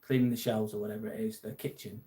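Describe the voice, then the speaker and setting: A man's voice: lowish voice, flat delivery, fast, warm tone. A man hosting a live vlog, casually reading out viewer comments and answering them. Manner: chatty, reads comments aloud and answers viewers. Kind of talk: casual live-stream chat.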